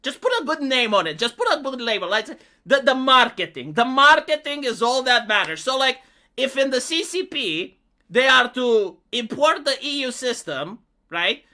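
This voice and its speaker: A streamer ranting on a live stream, swearing freely and dripping with sarcasm. The pitch swings up and down in a lively way, and the tone stays bright. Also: moderate pace. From Romania. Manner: sarcastic, profane, heated.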